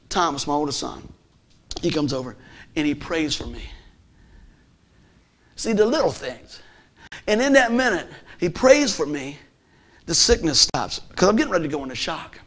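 A man giving a lively spoken testimony, telling a story with acted-out quotes and swinging from loud bursts to hushed lines. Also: a little high, normal speed, pauses often. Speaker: gospel musician giving testimony. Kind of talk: animated testimony sermon.

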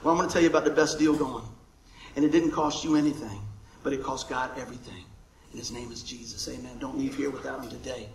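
An older man preaching a sermon as pastor, jokey and animated, laughing often between points. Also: medium pitch, quick pace, gravelly. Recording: echoey room with faint noise.

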